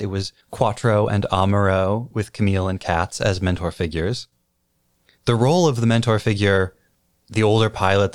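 A man co-hosting a podcast, giving a measured, analytical discussion. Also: fairly low pitch, dry recording, studio quality. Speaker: podcast co-host.

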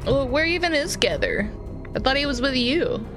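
A woman's voice: high voice, expressive, normal speed, over music. A woman playing a tabletop game in character, hesitant and wry. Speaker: player.

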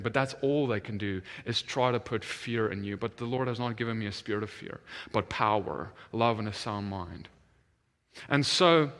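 A man preaching a sermon, telling a story and animatedly acting out the voices of the people in it. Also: medium pitch. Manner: animated, acts out quoted voices. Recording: long hall reverb.

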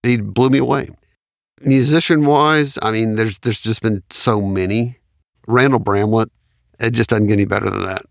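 A man's voice: lowish voice, fairly even intonation, moderate pace, vocal fry, dry recording. A man, a studio engineer and producer telling anecdotes in an interview and laughing often. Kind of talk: storytelling in an interview.

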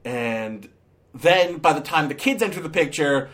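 A man giving a casual movie review, sarcastic and ranting, with loud exasperated outbursts. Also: fairly high pitch, animated, measured pace.

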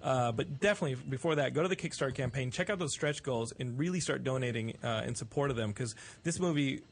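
A man hosting a podcast, joking around loudly and teasing his guest, rambling with restarts. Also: medium pitch, fast. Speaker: podcast host.

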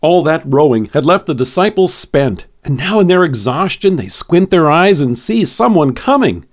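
A man reads a devotion in a scripted, even-paced delivery with a somewhat high voice. His pitch rises and falls widely as he leans into key words. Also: normal speed. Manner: expressive, varied emphasis. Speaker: devotional podcast host.

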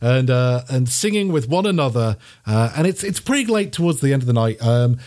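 A man's voice: medium pitch, big pitch swings, brisk, a little mellow. A man narrating as game master of a tabletop game, rambling with many restarts and laughing along.

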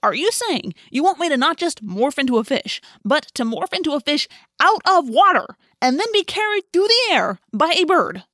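A woman voicing a wisecracking teenage boy who tries to sound tough and turns shrill. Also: fairly even intonation, fast, hardly any pauses, fairly bright tone, no room sound, studio quality, close to an everyday voice. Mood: shrill panic.

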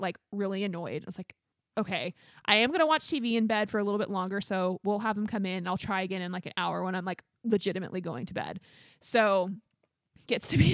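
A woman's voice: mid-range voice, dry recording, clean studio sound. A pregnant young woman co-hosting a podcast, telling a long story in casual chat with lots of "like"s and laughs. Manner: chatty storytelling, many "like"s, laughs often. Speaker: podcast co-host.

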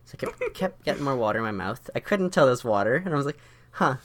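A man's voice: mid-range voice, very animated, fast talker. A young man with an ordinary mid-range voice rambles through a story among friends. He hesitates and restarts often, filling the gaps with little fillers. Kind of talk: casual chat.

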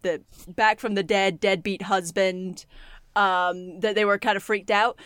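A woman's voice: mid-range voice, fairly even intonation, a little slow, a bit bright, clear, resonant tone, no echo. A woman co-hosting a casual podcast, recapping a show with lots of laughter and casual swearing. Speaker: podcast co-host.

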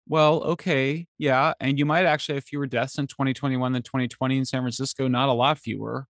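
A man speaking as an author guest in a casual interview, animated and getting exasperated at times. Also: mid-range voice, fairly quick, hardly any pauses, dry recording, clean studio sound. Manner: animated, voice jumps up when exasperated.

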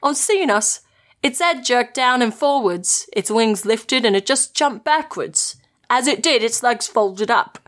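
A woman's voice: on the high side, lively intonation, unhurried, a bit bright. A woman voicing an English man who recounts seeing a strange creature, in a wobbly put-on English accent. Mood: spooked. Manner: wobbly, self-mocking.

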